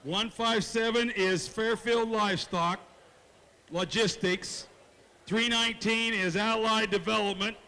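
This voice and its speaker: Auctioneer, male, fast chant, folksy; high crisp voice carrying through a reverberant arena. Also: bright, forceful tone. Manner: rattles off bids in a fast rhythmic chant; folksy, jokes with bidders and kids. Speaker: livestock auctioneer. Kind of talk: rapid auction chant and announcements. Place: county fair show arena.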